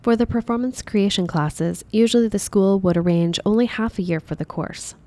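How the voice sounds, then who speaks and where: A woman drama teacher calmly explaining an acting lesson in a measured, dubbed voice-over. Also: medium pitch, no room sound.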